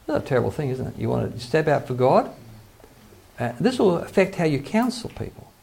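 A man's voice: a little high, very animated, a little fast, gravelly, a little mellow. An older man, a pastor earnestly teaching a sermon and quoting scripture. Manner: earnest preaching, quotes scripture, chuckles to himself.

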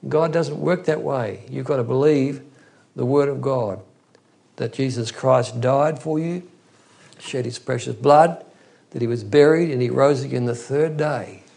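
A man's voice: mid-range voice, measured pace, vocal fry, a little mellow. A man preaching an expository Bible teaching in an earnest, emphatic way, often restarting his phrases.

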